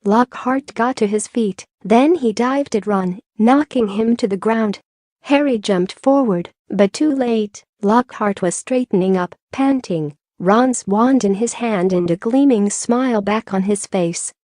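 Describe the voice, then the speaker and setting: A woman reading an audiobook in measured, even storytelling narration. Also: mid-range voice, dry recording, clean studio sound. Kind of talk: scripted narration.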